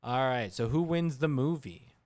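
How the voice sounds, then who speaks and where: A man co-hosting a casual movie discussion podcast, animated, often trailing off and restarting. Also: mid-range voice, moderate pace. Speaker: podcast co-host.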